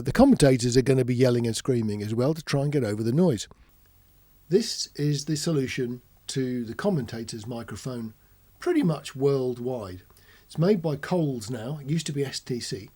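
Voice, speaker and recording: A man hosting an informal technical explainer, chatty, switching between quiet talk and loud shouting into a close commentary mic. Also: medium pitch, slightly rough. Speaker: host demonstrating audio gear. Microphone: close ribbon commentary mic.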